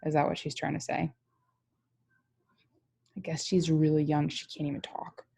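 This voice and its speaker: A woman's voice: low-pitched, flat delivery, moderate pace, creaky, dark tone, slightly rough. A young woman teacher reads a picture book aloud to children, chatting and asking them questions along the way.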